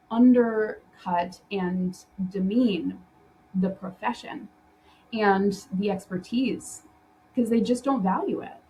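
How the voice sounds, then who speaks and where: A mellow, mid-range female voice comes through poor audio with slight background noise. She's a podcast host and interior design business coach on a solo episode, chatting loosely with fillers and false starts, laughing often as she tells her stories.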